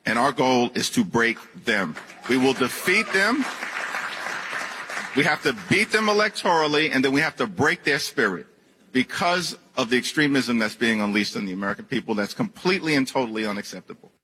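A man's voice: mid-range voice, expressive, fairly quick, in a large hall, crowd noise, background noise. A man, a politician, giving a firm, declarative public statement. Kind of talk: public speech clip.

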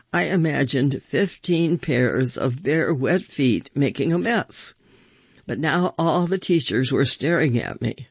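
A man reading first-person stories aloud with measured, expressive storytelling. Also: mid-range voice, creaky, slightly rough, no echo, lo-fi sound.

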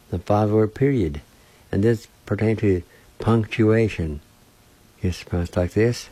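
A man giving a language lesson, sounding out words syllable by syllable in a slow, deliberate, gently encouraging way. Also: fairly low pitch, breathy edge, no echo. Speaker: language teacher.

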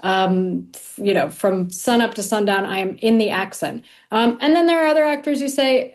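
Woman accent coach in an interview, clear and sure of herself. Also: mid-range voice, moderate pace, few pauses, darkish tone. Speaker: dialect coach. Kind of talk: interview answers.

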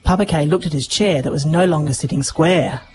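A woman narrating a children's story with lively expression. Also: sits low, brisk, background noise. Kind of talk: storybook reading.

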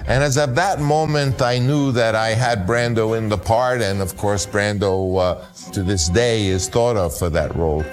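An older man, a film director, telling a personal anecdote with lively storytelling that acts out other voices. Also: normal speed, music in the background. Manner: acts out other people's voices, jumping high for quotes.

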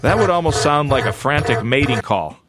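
A man hosting a show segment, joking playfully and talking in a loose, animated way with many restarts and asides. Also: medium pitch, brisk, heavy background noise. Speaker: show host.

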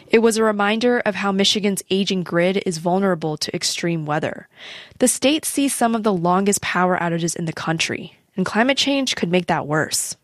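A woman reporting a public radio news story in a measured, clear voice. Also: fairly low pitch, dry recording.

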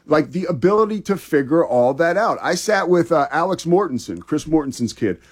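An enthusiastic man talks sports in a conversational way. His voice sits fairly high, and his intonation rises and falls with lively energy. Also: a little fast, breathy edge. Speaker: sports podcast co-host. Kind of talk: casual sports talk.

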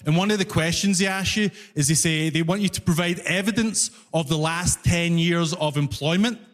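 Glaswegian stand-up, animated and exasperated, high voice ringing through a reverberant room. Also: male voice, normal speed, soft background music. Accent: Glaswegian Scottish. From Scotland. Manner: animated, mock-exasperated storytelling. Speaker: stand-up comedian. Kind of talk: stand-up comedy set. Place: comedy club stage. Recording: reverberant live venue.

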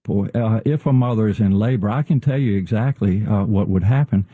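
Man, Southern US accent, halting, measured, low voice, tinny phone-like clip. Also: no echo. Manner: halting, measured, many fillers.

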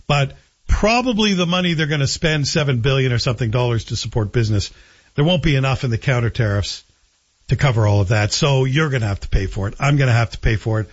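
A man hosting a radio talk show, giving animated, sarcastic opinion commentary. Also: mid-range voice, fast. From Canada. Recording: dull lo-fi broadcast audio.

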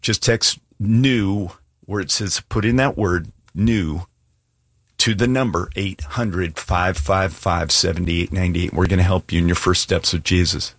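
Deep husky-voiced preacher, a man. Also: fairly even intonation, unhurried, a bit bright, no room sound, clean studio sound. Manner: earnest, emphatic, plain-spoken with casual asides. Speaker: pastor. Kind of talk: sermon with altar call.

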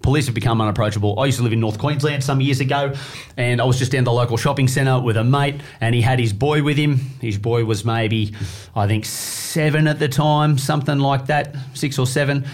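Australian male podcast co-host, conversational storyteller, animated delivery. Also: mid-range voice, moderate pace. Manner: animated storyteller, acts out quotes. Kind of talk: casual chat.

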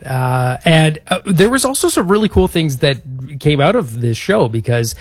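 A man's voice: on the high side, big pitch swings, normal speed, no echo. A man co-hosting a podcast, recounting a bit of history in an upbeat, casual way. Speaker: podcast co-host. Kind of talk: casual chat.

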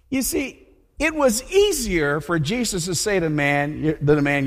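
A man preaching a sermon in a conversational, animated storytelling way, often repeating himself. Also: fairly high pitch, moderate pace, long reverb tail.

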